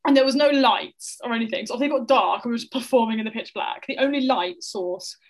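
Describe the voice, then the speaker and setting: A young woman from the south of England, telling a stand-up comedy story over a video call in a rapid, laughing, sweary style. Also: fairly high pitch, poor audio. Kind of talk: casual storytelling chat.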